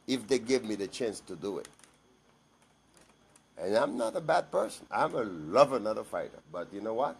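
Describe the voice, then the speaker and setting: A man's voice: on the low side, very animated, normal speed, vocal fry, pauses often, slightly rough. A man giving a blunt, emphatic personal monologue to camera, repeating himself for stress.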